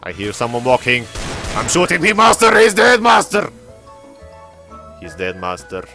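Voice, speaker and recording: A man's voice: lowish voice, fairly even intonation, a little slow, a bit bright. A man playing a fawning robot bot with broken speech. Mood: stiff, fawning. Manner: stiff broken-English robot talk, fawning over his master. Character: servile robotic male bot teammate with old microchips. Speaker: gaming video maker. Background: background music.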